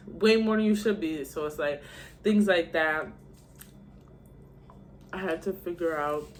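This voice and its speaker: A woman's voice: lowish voice, slow pace, slight background noise. A young adult woman vlogging in a candid, slangy and heartfelt way, talking casually to her viewers. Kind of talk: casual chat to camera.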